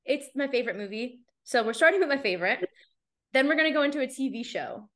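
A woman's voice: high-pitched, lively intonation, quick pace, a bit bright. A woman hosting a podcast, talking candidly in a casual chat and leaning on "like" a lot. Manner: chatty, candid, heavy use of "like". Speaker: podcast host.

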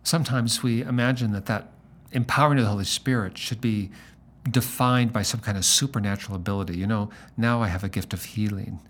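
A man's voice: fairly low pitch, steady tone, brisk, a bit bright, slightly rough. A middle-aged male pastor talking about faith and telling a personal story, acting out the voices of people he quotes.

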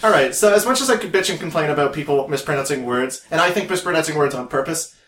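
A man co-hosting a podcast, swearing freely and telling stories with plenty of laughter. His voice sits a little high for a man. The room around him is echoey. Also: quick pace. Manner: profane, laughs often, animated storytelling. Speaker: podcast co-host. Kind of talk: casual chat.

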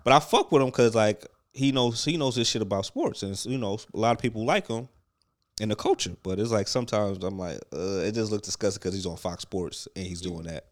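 A man's voice: fairly low pitch, fairly quick, dry recording, studio quality. A man co-hosting a podcast, talking loosely and profanely in casual chat and laughing often.

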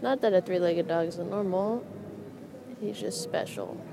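A woman's voice: fairly low pitch, a little slow, vocal fry, background noise. A young woman hosting a podcast outdoors in a park, rambling casually and joking at her own puns. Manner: rambling, self-mocking puns, laughs at own jokes. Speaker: podcast host. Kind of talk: casual monologue.

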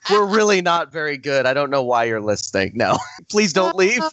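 A man in mid-range pitch whose voice swings wildly as he jokes and reacts with goofy glee. The audio is dry and close, from a computer mic on a video call. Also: very animated, normal speed, a bit bright, dry recording. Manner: goofy, self-mocking, big reactions. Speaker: podcast co-host. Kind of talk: casual podcast chat.

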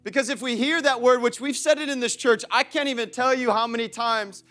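A man pastor preaching an energetic, repetitive sermon in a church, laughing often. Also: extremely high pitch, fairly quick, soft background music. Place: church auditorium.

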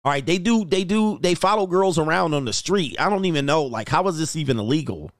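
A man with a rough, gravelly voice riffs through casual reaction commentary, slangy and full of loud exclamations. His pitch leaps and dips constantly as he talks. He sounds close and dry, with no room around him. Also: animated, a little fast, dry recording. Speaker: YouTube commentator.

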